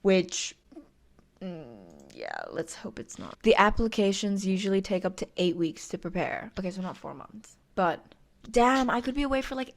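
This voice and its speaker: A woman in her twenties telling a personal story as a casual vlog, chatty and full of fillers, speaking with a lisp from a missing tooth. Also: medium pitch. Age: 20s. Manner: chatty, frequent "like" fillers, self-deprecating. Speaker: vlogger.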